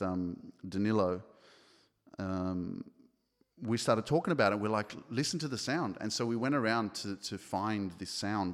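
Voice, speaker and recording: A man's voice: fairly low pitch, big-room sound. A man hosting a podcast, talking casually and bluntly with lots of swearing, fillers and restarts from his home office. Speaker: podcast host. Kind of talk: casual motivational monologue.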